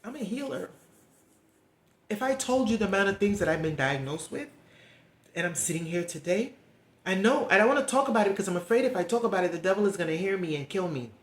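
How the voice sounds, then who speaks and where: A woman's voice: mid-range voice, lively intonation, fast talker, echoey room. A middle-aged woman talking candidly to camera in a rambling, heartfelt, confiding way. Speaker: vlogger. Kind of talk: candid personal vlog talk.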